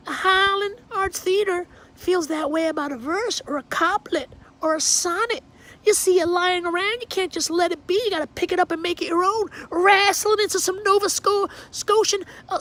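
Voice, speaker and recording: A folksy Southern gentleman, as a man puts him on, rambles along in a thick Savannah drawl. He muses in homespun sayings, wandering from one thought to the next. It sounds like he's talking outdoors on a backyard deck. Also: very high-pitched, voice pushed up. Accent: Savannah, Georgia.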